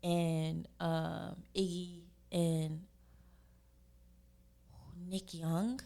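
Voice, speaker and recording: A young woman from California, a singer being interviewed on a podcast, chatting in a relaxed way and acting out what other people say to her. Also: on the low side, very slow, vocal fry. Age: young adult. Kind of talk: casual interview chat.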